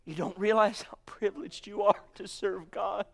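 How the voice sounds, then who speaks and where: A man preaching a sermon with fervor, swinging between booming exclamations and hushed murmurs, calling his listeners honey and sweetheart. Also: steady tone, normal speed, vocal fry.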